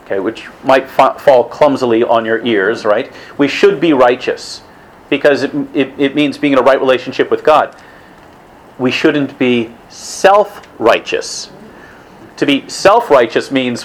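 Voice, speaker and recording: A man's voice: mid-range voice, lively intonation, unhurried, rough recording. Man giving a casual religious talk. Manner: casual, with restarts and asides.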